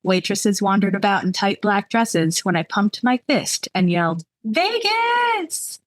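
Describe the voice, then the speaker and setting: A woman romance author, chatting candidly and reading aloud from her novel, self-deprecating and quick to laugh. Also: medium pitch, dry recording, rough recording.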